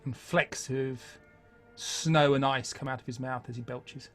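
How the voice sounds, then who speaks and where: A man's voice: mid-range voice, steady tone, unhurried, a bit bright, faint music behind. A man narrating a tabletop game as game master, in a loose, rambling way that corrects itself as it goes.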